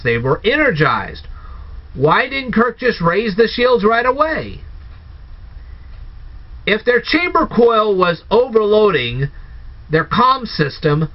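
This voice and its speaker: A man giving a casual spoken movie review, firing off incredulous, sarcastic rhetorical questions. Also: sits high. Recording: dull lo-fi recording.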